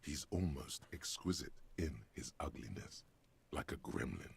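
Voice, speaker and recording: A man giving scripted, measured narration for a detective game. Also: expressive, exaggerated voice. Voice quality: gravelly, very deep.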